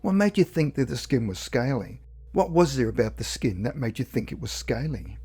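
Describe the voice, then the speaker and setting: A man voicing a calm male psychologist who patiently questions a hypnotized patient in a dramatized interview reading. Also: medium pitch, slightly rough. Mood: steady, probing. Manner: slow, patient, probing questions.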